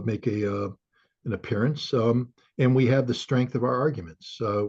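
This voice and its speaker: Male guest, halting and filler-heavy, prone to fiery bursts; husky, muffled recording. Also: on the low side, a little mellow. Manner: halting, many fillers, swells into fiery outbursts. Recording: dull lo-fi audio.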